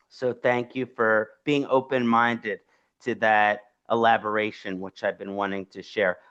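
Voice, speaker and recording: A man's voice: medium pitch, a bit bright. Man, Philadelphia accent, nasal; earnest reflective lecturer, muffled lo-fi sound. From Philadelphia, Pennsylvania. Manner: earnest, reflective, asks rhetorical questions. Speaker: astrology lecturer.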